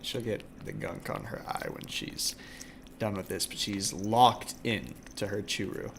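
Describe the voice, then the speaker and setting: A man live-streaming a game from his home computer desk, chatting casually with viewers and cooing softly at his cat. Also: fairly low pitch, unhurried, noisy background. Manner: chatty, talks to his cat in a soft doting voice.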